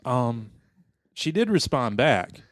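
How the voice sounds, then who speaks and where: A man co-hosting a casual podcast, talking in a dry, self-deprecating ramble full of fillers. His voice sits at a middle pitch. The sound is dry, with no room echo. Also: very animated, slow pace. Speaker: podcast co-host.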